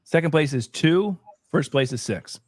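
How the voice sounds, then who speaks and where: A man hosts a casual whiskey tasting, teasing his friends and laughing through the reveal. His voice leaps high and low with lively swings and sits a touch high, recorded dry with no room around it. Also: normal speed, dry recording. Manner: bantering, swearing and laughing. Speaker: host.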